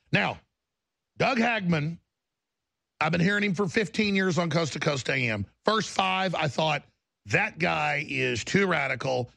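A man's voice: high-pitched, vocal fry, a bit bright, no room sound. A man hosting a broadcast, delivering a fervent, ranting monologue with emphatic repetition. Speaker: talk show host.

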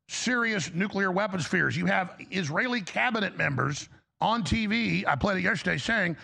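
A man's voice: high-pitched, normal speed, vocal fry, pushed and bright, slightly rough. A man hosting a talk show, giving a heated, emphatic political commentary monologue with frequent restarts.

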